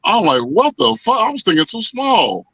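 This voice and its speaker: Animated, profane man telling a story. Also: high voice, moderate pace, breathy edge, low-quality recording. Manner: animated, profane, acts out quoted voices. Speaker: podcast co-host. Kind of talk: casual storytelling chat.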